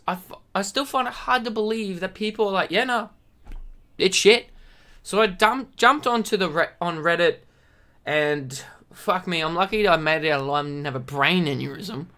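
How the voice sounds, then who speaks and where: A woman's voice: medium pitch, bright, forceful tone. A woman streamer ranting aggressively with lots of swearing and exasperated outbursts. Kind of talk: profane ranting commentary.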